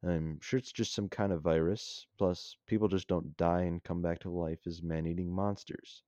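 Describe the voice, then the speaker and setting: A man reading as a grumpy, skeptical young soldier who brushes off every theory. The voice is deep and mellow, recorded dry and a little muffled. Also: steady tone, moderate pace, no room sound, close to an everyday voice. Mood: dismissive.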